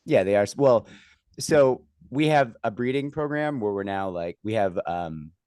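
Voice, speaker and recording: A man's voice: on the low side, expressive, moderate pace, darkish tone, smooth, dry recording, studio quality. A man hosting a casual chat, rambling with many fillers and restarts. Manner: acts out others' lines when telling a story.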